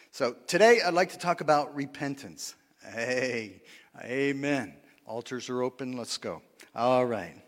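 Preaching man in a reverberant church. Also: mid-range voice. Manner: conversational, asks congregation for responses; laughs at his own lines. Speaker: pastor. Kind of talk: sermon. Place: church sanctuary.

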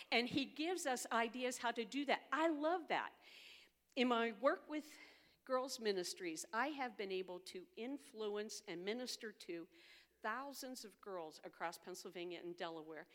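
A woman's voice: a little high, fairly bright tone. An older woman, a girls' ministry leader and grandmother, giving an earnest, heartfelt personal testimony as a storyteller. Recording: long hall reverb.

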